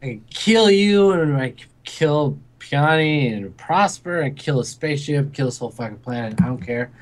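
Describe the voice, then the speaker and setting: A man's voice: a little high, expressive, moderate pace, lightly acted. A man voicing a drunk, despairing male ship mechanic who talks in a weepy, slurred way. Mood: bitter ranting.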